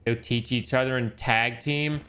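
A man's voice: mid-range voice, steady tone, measured pace, fairly bright tone. A young man streaming a game, chatting casually in a rambling, joking way and swearing freely. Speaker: gaming streamer. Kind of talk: casual chat over gameplay.

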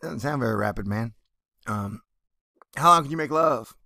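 A man's voice: mid-range voice, animated, normal speed, vocal fry, bright, forceful tone, no room sound, studio quality. A man hosting a casual comedic news commentary vlog, reading article passages aloud and mocking them with sarcastic asides.

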